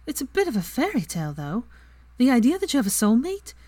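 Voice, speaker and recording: A woman's voice: a little high, wildly swooping pitch, fast talker, dark tone, dry recording, pitched above the performer's own voice. A woman voicing a dreamy, romantic young witch in a story reading. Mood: wistful.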